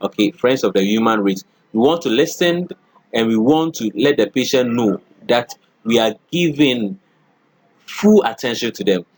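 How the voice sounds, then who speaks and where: Man giving a dry, unhurried lecture. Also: mid-range voice, animated, no room sound. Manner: repeats okay and all right, acts out spoken examples. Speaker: college lecturer. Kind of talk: classroom lecture.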